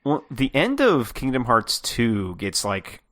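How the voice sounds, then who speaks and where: A man's voice: medium pitch, wildly swooping pitch, takes it slowly, fairly bright tone. A man co-hosting a podcast, talking casually with hesitant stops and many fillers. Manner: hesitant, many fillers and restarts, laughs mid-sentence. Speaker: podcast co-host. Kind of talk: casual chat.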